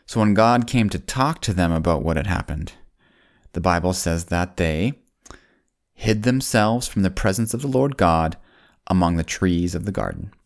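A man narrating a Bible story for children, folksy and speaking straight to the kids, slowing down and dropping his voice on solemn points. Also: animated. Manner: slows down and drops low on solemn points.

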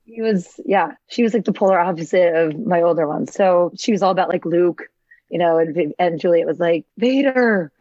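A woman co-hosting a podcast, telling an animated story in casual chat and laughing often. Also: on the low side, brisk, no echo. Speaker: podcast co-host. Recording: dry, dull lo-fi sound.

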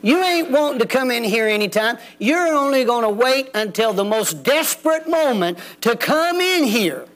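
A man's voice: very high-pitched, sing-song, normal speed, few pauses, a bit bright. A man preaching a folksy, plain-spoken sermon in a church. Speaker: pastor. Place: church sanctuary.

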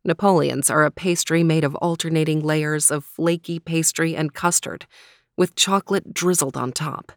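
A woman narrating a children's storybook in a steady, measured way. Her voice sits low, and the recording is dry and close, with no room sound. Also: dry recording. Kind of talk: storybook reading.

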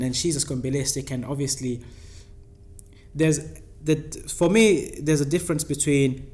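A man's voice: fairly high pitch, steady tone, normal speed, a little mellow. A young man, a junior doctor telling a work story in casual, slangy conversation, often checking in with his listener.

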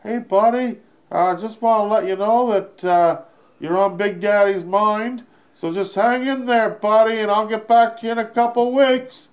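A man impersonating a chummy older male comedian in a high, drawn-out, sing-song voice that keeps calling people buddy. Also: fairly even intonation. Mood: breezy.

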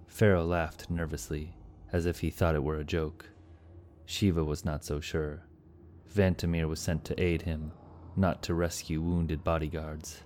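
Deep guy reading a fantasy story, steady and even, low voice. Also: measured pace, slight background noise. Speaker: narrator. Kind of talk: scripted fantasy story narration.

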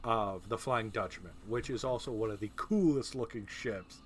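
A man hosting a casual podcast talk about movies, animated and laughing, with profane asides. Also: on the low side, normal speed, a little hiss or hum. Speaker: podcast host. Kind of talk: casual film discussion.

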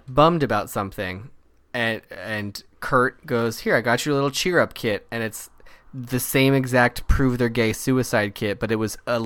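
A man chatting on a podcast, his voice smooth and resonant. The sound is dry and close, and he talks loosely, retelling scenes with little quoted bits. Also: mid-range voice, fairly bright tone, no echo. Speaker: podcast co-host. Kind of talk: casual chat.

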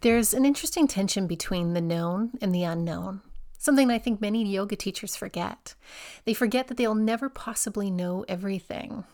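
A woman's voice: mid-range voice, moderate pace. Encouraging woman hosting a yoga-teacher podcast. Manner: warm, encouraging, asks the listener questions. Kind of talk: reflective solo podcast talk.

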